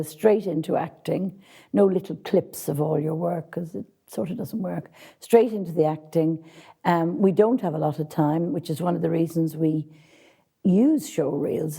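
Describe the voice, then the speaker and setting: A woman's voice: on the low side, vocal fry, warm tone, breathy edge. A woman casting director answering interview questions with direct, practical advice for actors, speaking frankly.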